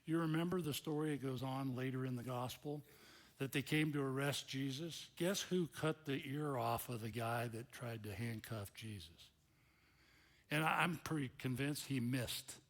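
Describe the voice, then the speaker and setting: A male pastor preaching a sermon in an animated, conversational storytelling manner. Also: medium pitch, moderate pace.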